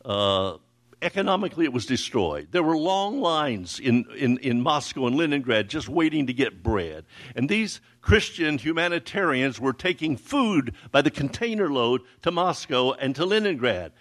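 An older man tells a church testimony in a storytelling sermon style. He repeats words as he gets going and slips into dialogue, quoting the people in the story. His pitch is mid-range for a man. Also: sing-song, moderate pace, fairly bright tone. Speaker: ministry founder telling a testimony.

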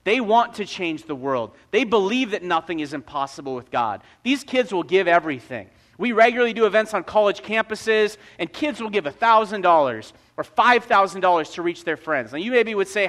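A man preaching a sermon with a very high voice. He tells stories with energy and drops in casual, joking asides to his listeners. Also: sing-song, normal speed, a bit bright.

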